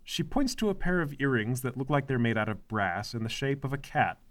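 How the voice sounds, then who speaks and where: A man acting as game master, narrating a tabletop game in a quiet, matter-of-fact way. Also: mid-range voice, sing-song, fairly quick.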